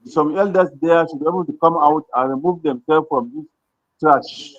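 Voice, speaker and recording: Guy calling in, calm and hesitant, lots of uh, dull dry phone sound. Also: a little high, normal speed, no echo. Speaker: caller. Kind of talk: measured call-in comment.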